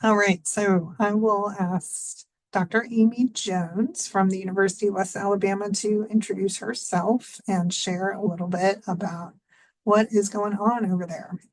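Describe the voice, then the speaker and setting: A woman's voice: medium pitch, fairly even intonation, moderate pace, low-quality recording. A woman moderating a meeting over a video call, handing the floor to a speaker in an easygoing way. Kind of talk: meeting facilitation.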